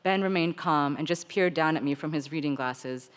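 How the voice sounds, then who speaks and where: A woman author reading her own fiction aloud, in an expressive way with light laughter. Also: deep voice, normal speed, clear, resonant tone. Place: literary seminar stage. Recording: long reverb of a large hall.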